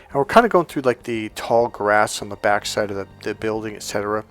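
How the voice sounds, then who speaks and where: A man's voice: lowish voice, fairly quick, fairly bright tone, soft background music. A man telling a childhood story in a casual monologue, with frequent "like" fillers and quoted lines. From Northern California. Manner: casual, heavy use of "like", acts out quoted lines. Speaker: relationship coach.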